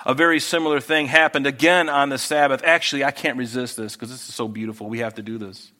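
A man preaching a sermon, who swings from loud, emphatic scripture reading to quiet, intimate asides. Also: mid-range voice, fairly even intonation, fast talker. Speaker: pastor.

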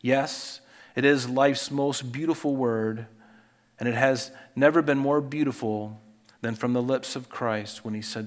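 A man's voice: medium pitch, steady tone, unhurried. Man, pastor, sermon, emphatic scripture reading, long reverb.

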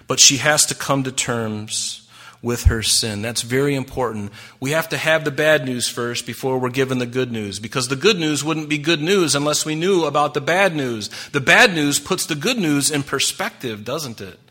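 A man's voice: medium pitch, moderate pace, bright, forceful tone. A man preaching a sermon in a conversational way, asking the congregation rhetorical questions and acting out the voices in his stories. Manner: acts out quoted voices. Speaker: pastor.

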